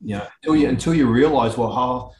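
A man's voice: mid-range voice, fast talker. A man with an Australian accent who owns an auto repair shop speaks frankly and earthily as an interview guest, with many restarts. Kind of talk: candid interview conversation. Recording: echoey room.

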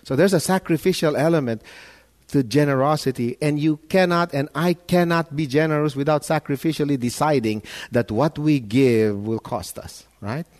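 A pastor preaching a sermon with emphasis, often restarting his words and swinging between loud and quiet. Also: fairly high pitch, moderate pace. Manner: emphatic, repeats words, rises and falls in loudness.

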